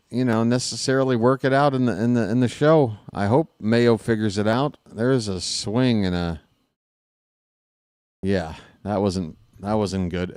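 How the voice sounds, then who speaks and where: A man calling a baseball game on his own stream, chatting casually between pitches and cracking small jokes. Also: darkish tone, clean tone, dry recording, studio quality. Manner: casual, self-deprecating, jokey between pitches. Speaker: fan play-by-play broadcaster. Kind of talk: solo baseball play-by-play with chatty asides.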